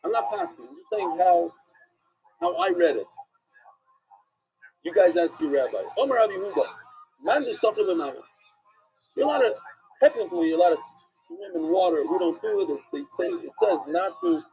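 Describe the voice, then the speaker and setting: In a live-streamed Talmud class, a male rabbi poses questions to his audience and then answers them himself. His high, mellow voice swoops with animation, sounding husky through dull, lo-fi stream audio with a faint hiss or hum. He talks at a normal speed and pauses often.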